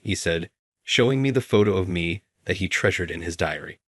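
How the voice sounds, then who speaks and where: A man reads a first-person story in a measured, scripted narration. His voice sits very low, and the recording is dry and close-miked. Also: animated, slightly rough, dry recording.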